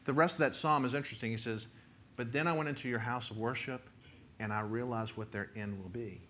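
A man delivers a sermon in a bright, forceful voice. He reads scripture steadily, then turns emphatic and loud when he voices the cries of the text. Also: medium pitch, brisk, a little hiss or hum. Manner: emphatic preaching, rising to near-shouts when voicing the prophet's complaint. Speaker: pastor.

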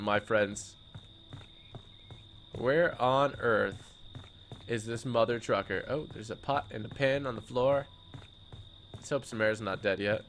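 A young man streaming a game, chatting casually and excitably, joking and repeating words in bursts. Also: fairly low pitch, a little hiss or hum. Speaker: gaming streamer. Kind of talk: casual live-stream commentary.

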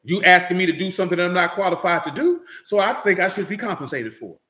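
Here the preacher's voice sits high and sounds sharp, with lively intonation and a fast pace, and the room is echoey. He speaks loosely and straight to his audience, regularly checking in with "you know what I'm saying."

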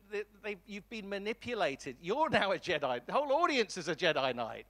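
A man giving a master class lecture to film students, talking with lively enthusiasm and often restarting his sentences. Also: high-pitched, fairly quick, few pauses. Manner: animated and enthusiastic, voice jumps up when excited; frequent restarts and repeated words.

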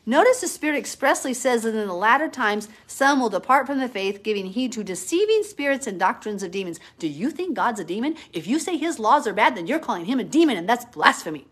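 Woman, live-stream Bible teacher, fervent and argumentative, slightly high voice. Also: sing-song, a little fast, few pauses, fairly bright tone, husky. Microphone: phone or webcam, live stream.

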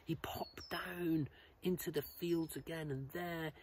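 A man telling a children's story, expressive, shifting between loud lines and whispers. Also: fairly high pitch, takes it slowly, slight background noise, poor audio.

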